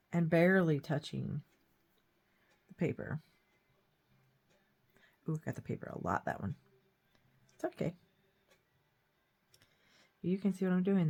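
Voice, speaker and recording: A woman with a cold and a hoarse throat, chatting casually while she shows a painting craft. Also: on the low side, darkish tone. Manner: chatty, rambling, self-deprecating. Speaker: craft vlogger. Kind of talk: casual painting tutorial chat.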